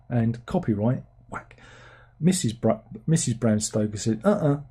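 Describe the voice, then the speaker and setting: A man's voice: mid-range voice, dark tone, breathy edge. A man giving a casual film review, blunt and sarcastic, rambling from one aside to the next.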